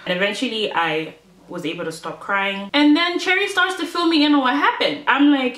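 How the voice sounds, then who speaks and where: A young woman from Malawi telling a storytime vlog, animated and chatty, talking to her viewers and acting out what people said in a higher voice. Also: fairly quick, echoey room. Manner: animated, many asides to viewers, acts out quotes in a higher voice. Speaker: YouTuber.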